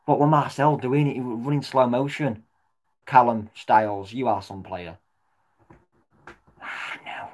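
Swearing football fan reacting live. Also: male voice, mid-range voice, a little slow, long pauses. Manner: swears often, shouts at the referee, swings from mutters to yells.

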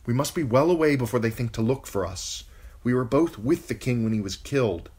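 Brief: man voicing stern, urgent noblewoman, high and forceful for an audiobook reading. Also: lively intonation, brisk, slightly rough. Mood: commanding. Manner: raised pitch, urgent commanding delivery. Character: noble widowed lady, commanding and urgent.

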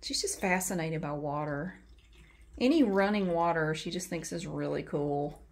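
A woman's voice: sits low, moderate pace. Chatty woman vlogging at home. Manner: chatty, slips into sing-song baby talk with her cats. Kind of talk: casual home vlog chat. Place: at home, in a bathroom.

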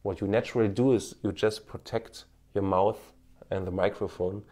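In a casual vlog, a man with a low, mellow voice gives advice to camera at normal speed and a steady tone. His German accent has a slight Indian tinge, and he's earnest and encouraging with frequent fillers. A marketing coach and former TV cameraman, he records on a smartphone with an external microphone.

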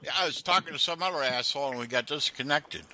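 A man's voice: fairly high pitch, fast talker, bright, forceful tone. A man on a phone call who mocks and insults the person on the other end with heavy profanity. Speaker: scam baiter.

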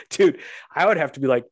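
A man and young father telling profane, animated stories on a casual podcast, acting out the voices of the people in them. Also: a little high, breathy edge. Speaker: podcast co-host; father of a toddler. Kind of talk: casual storytelling.

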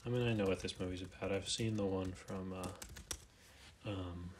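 A man's voice: sits low, fairly even intonation, a little slow, slight background noise. A man casually thinking aloud as he browses a website, hesitant and rambling, with many fillers and restarts, now and then reading a summary aloud. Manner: reads plot summaries aloud, then comments. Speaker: YouTube movie commentator. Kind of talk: casual off-the-cuff commentary while browsing a website. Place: room at home, at a desk chair.

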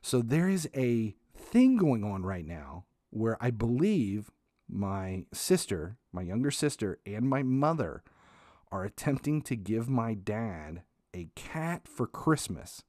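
A man hosting a podcast, telling a comic family story in a casual, animated way, swearing, restarting sentences and laughing as he goes. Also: lowish voice, slow, no echo, clean studio sound. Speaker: podcast host.

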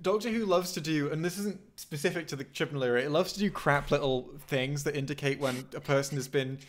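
A man's voice: fairly high pitch, fairly quick. A man co-hosting a podcast in casual chat, rambling and blunt, swearing now and then. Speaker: podcast co-host.

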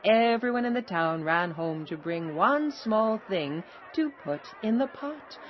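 A woman narrating an animated children's story in an expressive, unhurried manner. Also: medium pitch. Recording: slightly dull recording, faint noise.

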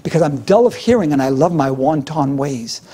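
A man's voice: on the high side, expressive, moderate pace, warm tone. A middle-aged man preaching a sermon as pastor, with a fervent, repetitive preaching cadence.

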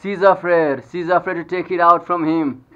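A vlogger with a Nepali accent, speaking English as a second language, gives casual, excitable commentary while filming pets at home, laughing often. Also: mid-range voice, fairly quick, muffled recording. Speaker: pet vlogger.

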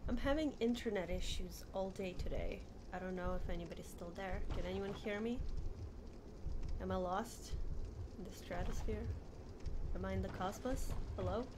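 A young woman streaming a game and chatting with viewers, who shrieks and yells at the game and then apologizes. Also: mid-range voice, normal speed. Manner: chatty, greets viewers by name. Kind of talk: casual live-stream game commentary. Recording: noisy home stream recording.

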